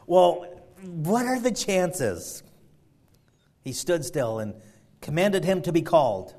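Guy preaching, kinda high voice, gets loud and fired up. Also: very animated, slow pace, pauses often. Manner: builds from quiet prayer to loud, shouting emphasis. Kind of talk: sermon.

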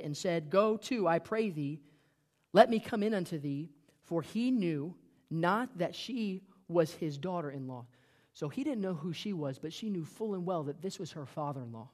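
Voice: medium pitch, a little mellow. A preacher giving an emphatic sermon, reading archaic scripture aloud and asking the congregation rhetorical questions. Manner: reads archaic scripture aloud, then comments.

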